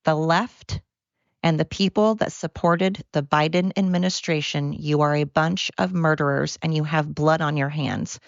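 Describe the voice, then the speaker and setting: A woman's voice: deep voice, steady tone, normal speed, creaky, no room sound, dull audio. A woman hosting her own podcast, ranting in a heated, blunt way and swearing freely. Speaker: podcast host. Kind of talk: solo podcast rant.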